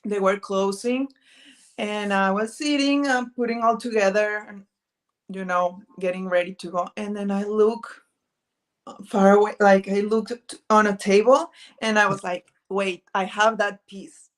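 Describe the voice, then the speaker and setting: A woman's voice: medium pitch, fairly even intonation, measured pace. A woman from Italy, a native Italian speaker, talking casually as a guest on a video call. She keeps searching for her words and often says "mm-hmm". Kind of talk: casual interview chat.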